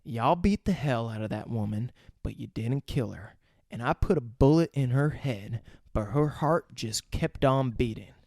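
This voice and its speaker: A man reciting a film villain's speech in a slow, measured, calm voice. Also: mid-range voice, gravelly, no echo, clean studio sound, pitched below the performer's own voice. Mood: menacing. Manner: slow, measured, drawn-out delivery. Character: calm, menacing male crime boss.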